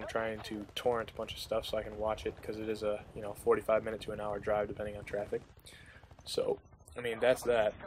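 A young man giving casual, rambling commentary over gameplay, with many fillers and restarts as he tells a story. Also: fairly low pitch.

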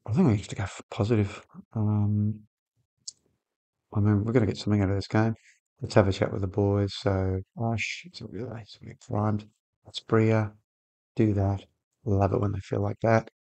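A man with a lowish voice and vocal fry talks at a moderate pace while hosting a football management game video on his gaming channel. Chatting casually, he gets worked up over the match and shouts at the players on screen.

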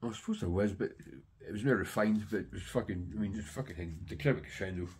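A man's voice: fairly low pitch, quick pace, a little mellow, slight background noise. A middle-aged man and record collector chatting casually to camera, rambling and swearing heavily with enthusiasm.

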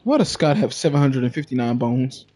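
A man's voice: medium pitch, lively intonation, a little fast, dark tone, breathy edge. A young man streaming a video game, talking casually with lots of swearing, laughter and silly sung nonsense syllables. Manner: profane, laughs a lot, sings nonsense syllables. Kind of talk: casual gaming stream chat.

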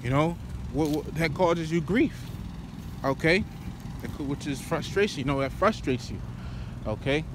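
A man's voice: a little high, normal speed, long pauses. A man preaching while walking outdoors, rambling and profane, padding his talk with "you know" and "man". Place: outdoors by a road. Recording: street traffic noise behind.

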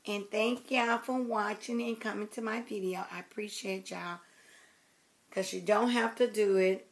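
A woman rambles affectionately to her viewers in a loose, casual vlog. Her talk wanders from thought to thought, and her voice often sinks to soft, low murmurs while she fusses with what she is holding. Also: fairly even intonation, a little slow. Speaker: doll collector vlogger. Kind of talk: casual chat to camera.

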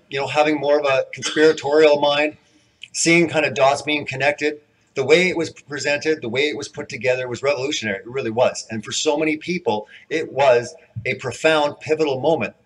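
A man's voice: a little high, a bit bright, low-quality recording. A man introducing the next speaker at a conference, enthusiastic and admiring, with small restarts. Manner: enthusiastic, admiring, slightly halting.

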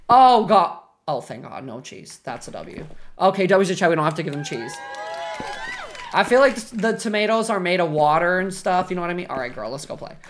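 A woman's voice: lowish voice, a little hiss or hum. A young woman streaming a horror game live, chatting with viewers and shrieking when scared.

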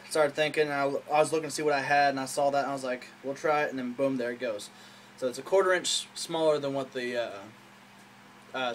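A man in a casual show-and-tell vlog, talking excitedly with lots of fillers in a small room at home. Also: medium pitch, slight background noise, low-quality recording. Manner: rambling, enthusiastic, many fillers. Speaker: hobbyist showing a custom saber.

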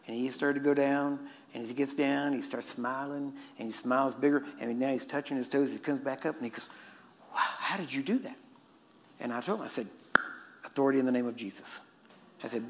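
A medium-pitched male voice, with a bit of hiss or hum, delivers a sermon in a church hall like a casual story. He occasionally laughs at his own asides, and the recording has an echoey hall sound with faint ambience.

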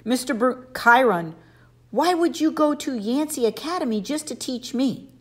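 A woman's voice: high-pitched, expressive, moderate pace, voice pushed up. A woman voicing an anxious, confused young boy who asks questions in a raised, nervous voice.

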